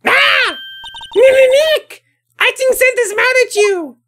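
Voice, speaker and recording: Woman voicing an excitable teen girl sidekick, squealing, very high, lively, game voice. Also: unhurried. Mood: excited.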